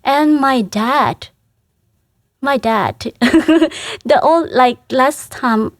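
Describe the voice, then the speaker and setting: Slow, earnest woman. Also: high voice, dry recording, studio quality. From Vietnam. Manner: halting, earnest, laughs softly between phrases. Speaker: Catholic sister, interview guest. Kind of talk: casual interview.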